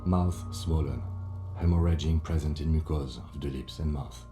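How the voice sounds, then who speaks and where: A calm, methodical police lieutenant. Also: male voice, extremely low pitch, music in the background. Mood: clinical. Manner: measured, clinical and composed.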